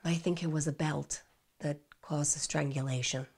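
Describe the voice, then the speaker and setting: A hesitant, mumbling teenage boy with an American accent, guessing his way through a police interrogation, as a woman puts him on. His voice drops low and soft, trailing off between the words. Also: drawn-out words, clear, resonant tone, exaggerated voice. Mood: unsure. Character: nervous teenage boy under police questioning.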